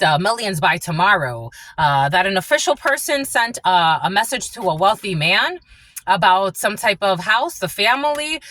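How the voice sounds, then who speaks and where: A woman's voice: mid-range voice, sharp tone, a little hiss or hum. A woman giving a tarot reading as a channeler, blunt and profane, laughing often.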